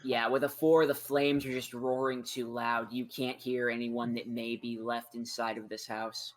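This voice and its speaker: A man's voice: mid-range voice, normal speed. A man acting as game master, narrating a tabletop game in an easygoing, descriptive way. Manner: easygoing, describes scenes in relaxed detail.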